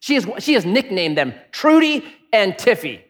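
A middle-aged man preaching a sermon, telling stories and swinging between punchy lines and hushed asides. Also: high voice, sing-song, normal speed. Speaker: pastor. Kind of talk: sermon with storytelling.

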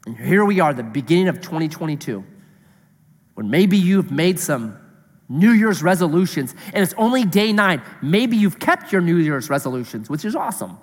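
Pastor mid-sermon, man, very expressive pitch, asks the room question after question; large echoing sanctuary. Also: moderate pace. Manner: animated, rhetorical questions to the congregation.

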